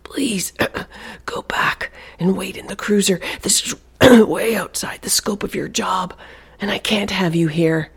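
A narrator voicing a tense woman doctor who speaks in a rough, raspy whisper from coughing, in an audiobook. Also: medium pitch, measured pace, voice pushed up, heavily acted. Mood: urgent whisper.

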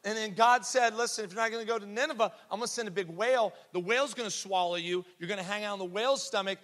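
A man acting out an excited, stubborn seven-year-old girl in a sermon story, speaking insistently in a large reverberant hall. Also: sits high, fast talker, pitched above the performer's own voice. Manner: insistent, eager.

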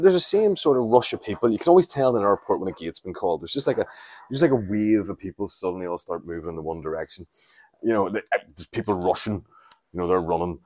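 A man's voice: low-pitched, a little mellow, no room sound. A Northern Irish man hosting a casual solo podcast from home, telling sweary, jokey stories while doing chores around the house. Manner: rambling, sweary, jokey storytelling. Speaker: podcast host.

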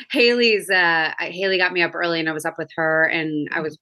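Bright-voiced woman podcast host, chatty. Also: on the low side, fairly even intonation, moderate pace. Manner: chatty, frequent restarts and laughs. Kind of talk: casual chat.

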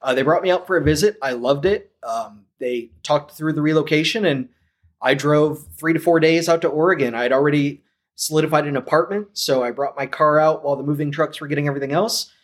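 A man from St. Louis telling his story as a podcast guest, animated and acting out the lines of people he quotes. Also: fairly high pitch, a little fast. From St. Louis, USA. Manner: animated, acts out quoted dialogue. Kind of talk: casual storytelling.

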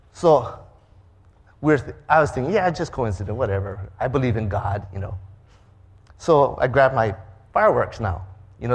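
A man's voice: mid-range voice, breathy edge. A man preaching a sermon, telling a story with acted-out sound effects and quoted voices. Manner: animated, acts out sounds and voices. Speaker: pastor.

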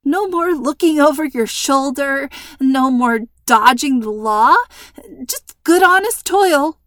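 A woman puts on a frightened teenage girl who babbles to fill the silence. Her voice runs high, breathy and squeaky, and it sounds close and dry, as in a storybook reading. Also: moderate pace, no echo, close to an everyday voice. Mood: nervous babbling. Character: panicky teenage girl talking too fast.

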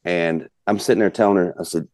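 A man's voice: sits low, fairly even intonation, brisk, a little mellow, dry recording. A man spins a long, folksy hunting story. He rambles and fills with "you know", and the sound is close and dry. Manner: folksy, rambling, many fillers. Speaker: guest hunter. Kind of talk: casual storytelling.

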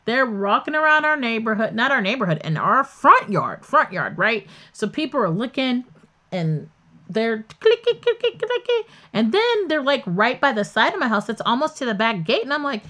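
A woman's voice: fairly high pitch, very animated, normal speed, pushed and bright. A woman hosting a podcast, telling a story in a candid, chatty way that often wanders off topic. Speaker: podcast host. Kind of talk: casual storytelling.

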